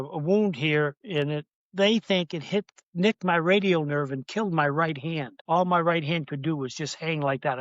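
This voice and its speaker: Older male guest, emotional rambling storyteller, voice a bit high, dry dull lo-fi sound. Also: dry recording. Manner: earnest, heated, rambling with restarts. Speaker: guest, navy veteran.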